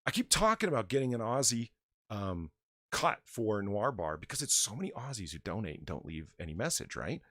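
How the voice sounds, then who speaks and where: Guy hosting a livestream, lowish voice that jumps all over, dry close sound. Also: fairly quick, no room sound. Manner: rambling, animated, reads donations aloud. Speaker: stream host. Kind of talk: casual livestream chat.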